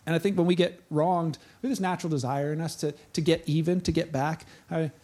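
A man's voice: a little high, steady tone, fast, dark tone. A male pastor preaching a sermon in a conversational, chatty way. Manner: conversational, chatty, with frequent "like" asides.

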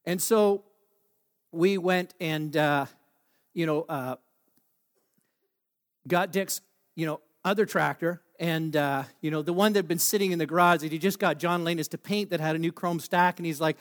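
A man preaching a sermon through a humorous, self-deprecating story, joking with the crowd and halting often on fillers. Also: a little high.

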